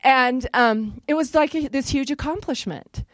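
A middle-aged woman telling a personal story to an audience, lively and self-deprecating, acting out what she and others said. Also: high-pitched, measured pace, no room sound. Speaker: speaker sharing a personal story. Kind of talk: personal testimony talk to an audience. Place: in front of a live audience.

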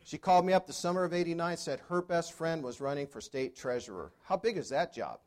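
A man's voice: fairly high pitch, lively intonation, a little fast. A man in his sixties giving a storytelling keynote to a live audience, conversational, with dry humor and questions to the crowd. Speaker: motivational speaker.

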